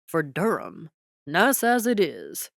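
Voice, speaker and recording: Woman doing a booming Texan president. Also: wildly swooping pitch, takes it slowly, no room sound, studio quality, heavily acted. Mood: folksy. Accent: Texas twang, put on. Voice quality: booming, a little raspy. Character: booming older American male president, folksy.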